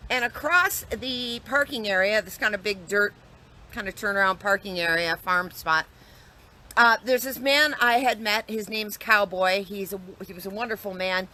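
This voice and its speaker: Bright-voiced woman telling a story. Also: mid-range voice, normal speed, a little hiss or hum. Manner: earnest, reflective, with frequent restarts and repetitions. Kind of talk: casual personal storytelling.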